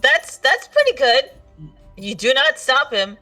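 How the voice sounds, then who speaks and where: A woman's voice: sits high, huge pitch swings, a little slow, bright, forceful tone, far from the mic, soft background music. Woman dm running a tabletop game, laughs a lot, um's here and there, sounds kinda off-mic. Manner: laughs often, playful narration with filler words. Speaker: game master.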